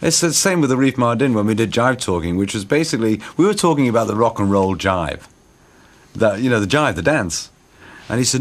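A man telling an anecdote in an interview, animated and ready to do other people's voices. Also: on the low side, a little fast. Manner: animated storyteller doing voices.

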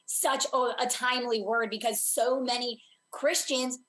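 A woman's voice: on the high side, steady tone, unhurried, fairly bright tone. A woman hosting a talk show, eagerly agreeing and rambling through her thoughts with many restarts. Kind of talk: enthusiastic interview chat.

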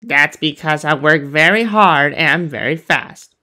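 A woman voicing a hardworking, touchy young male diesel engine in a fan-made animated series, defensive and boastful. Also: deep voice, measured pace.

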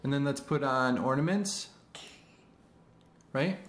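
A man speaks slowly in a mid-range voice while drawing with his small daughter at home, keeping the chat patient, gentle, encouraging and often soft-spoken. The computer room where they sit sounds echoey.

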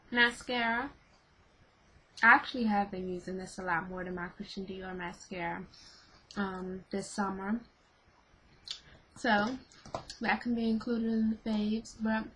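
A woman's voice: a little high, fairly bright tone, rough recording. A woman casually reviewing her favorite beauty and snack products for her vlog, gushing and repeating her praise. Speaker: beauty vlogger.

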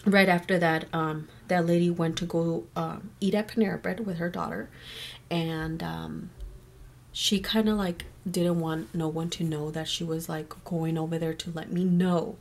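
A woman's voice: on the low side, steady tone, unhurried. A young woman telling a personal story to camera in a casual vlog, with lots of fillers and acted-out quotes from the people involved. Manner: chatty, many fillers and quoted dialogue. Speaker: vlogger. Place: her bedroom.

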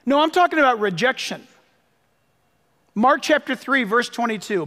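This man's voice is extremely high and a bit bright as he preaches a sermon in his role as pastor. Emphatic throughout, he repeats phrases to drive points home and tells his listeners to write things down, all under long hall reverb.

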